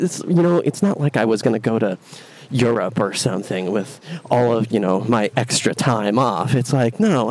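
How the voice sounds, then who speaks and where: This man meanders through a casual monologue about his walk to work, full of fillers and false starts. His voice sits at medium pitch with a slightly mellow quality, captured by a phone recording app with faint city street sounds in the background.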